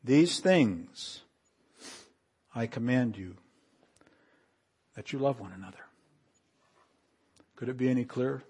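A pastor preaching a sermon, reading scripture aloud and swinging between hushed lines and raised, emphatic passages. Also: male voice, medium pitch, slow pace, long pauses, husky.

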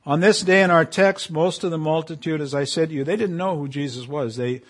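A man's voice: a little high, fairly quick. Man preaching a sermon, rising and falling. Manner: preaching with swells and drops in loudness, quoting scripture emphatically. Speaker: pastor.

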